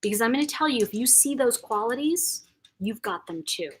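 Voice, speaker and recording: An older woman hosting a casual live chat, reading viewer comments aloud, chatty and quick to laugh. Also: on the high side, expressive, breathy edge. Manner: warm, chatty, reacts to comments, laughs often.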